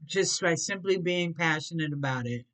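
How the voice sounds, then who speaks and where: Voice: mid-range voice, normal speed, fairly bright tone. A tarot reader giving a casual reading, rambling, repeating words and tripping over some.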